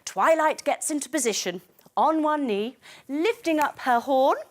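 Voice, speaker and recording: A woman teaching yoga to children through a bedtime story, giving gentle, playful, coaxing instructions. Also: sits high, expressive, measured pace.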